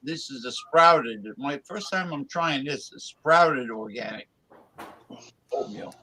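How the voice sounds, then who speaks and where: Halting man in casual chat. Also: medium pitch, expressive, pushed and bright, low-quality recording. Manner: hesitant, halting with many fillers.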